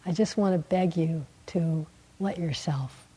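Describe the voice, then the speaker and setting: A woman meditation teacher giving a dharma talk in a gentle, unhurried way, laughing softly and letting her endings fall quiet. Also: low voice, slightly rough, poor audio. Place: meditation hall.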